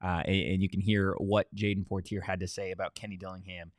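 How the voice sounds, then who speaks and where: A man hosting a sports show, giving news updates and chatting in a relaxed, conversational way. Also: sits low, quick pace, no echo, clean studio sound. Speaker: sports podcast host. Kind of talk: casual sports talk.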